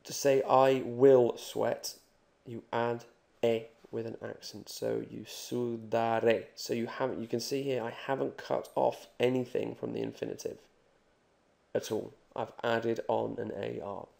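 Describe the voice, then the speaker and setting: A man teaching Spanish grammar in a video lesson, joking and reassuring as he repeats examples slowly. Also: mid-range voice, level tone, vocal fry, a little mellow.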